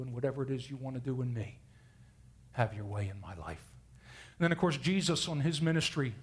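Man preaching a lively story sermon. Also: a little high. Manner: storytelling, acts out biblical characters in casual modern speech.

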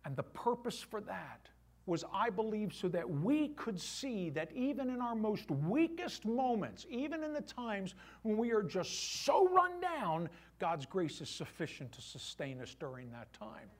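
A middle-aged man preaches a sermon in church. His voice sits high and swings widely in pitch. He acts out little voiced asides as he goes. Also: sing-song, a little slow. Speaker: pastor.

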